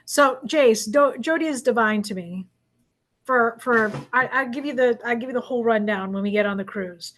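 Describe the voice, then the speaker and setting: A woman in her thirties with a slightly higher voice hosts a video call. She is upbeat and teasing, and she praises the people she talks to. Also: normal speed, a bit bright. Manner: enthusiastic and teasing. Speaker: host of an accountability call. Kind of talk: casual chat.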